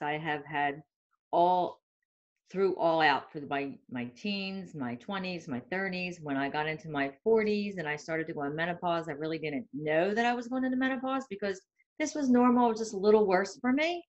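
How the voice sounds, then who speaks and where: Woman, 50s, lowish voice, candid storyteller, lo-fi call sound. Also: normal speed. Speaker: panel guest. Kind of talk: casual chat.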